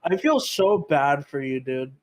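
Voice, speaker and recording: A man's voice: fairly high pitch, very animated, a little slow, darkish tone. A young man in casual stream chat, easygoing and teasing.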